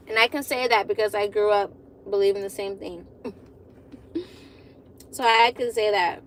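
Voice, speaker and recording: A woman's voice: fairly high pitch, normal speed, pauses often, slight background noise. A woman in her twenties chatting casually with viewers on a phone live stream, laughing often and repeating herself. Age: 20s. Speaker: vlogger hosting a live stream.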